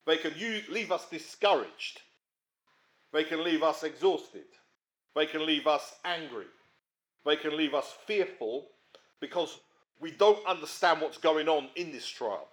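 A man preaching a sermon in a conversational way, often checking in with his listeners and swinging between emphatic rises and quiet drops. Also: fairly high pitch, a little slow. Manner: conversational, frequent tag questions.

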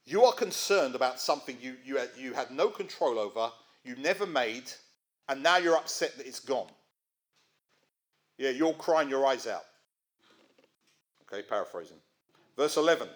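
A man's voice: medium pitch, lively intonation, normal speed, pauses often, fairly bright tone. A middle-aged man, preaching a sermon in a conversational way and asking his listeners questions. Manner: conversational, asks the audience rhetorical questions.

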